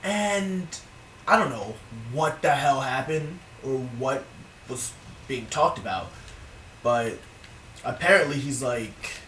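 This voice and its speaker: A young man telling a casual, profane story in an animated storytime vlog, recorded indoors. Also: mid-range voice, takes it slowly, long pauses, a little hiss or hum. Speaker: vlogger. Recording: roomy, distant from the mic.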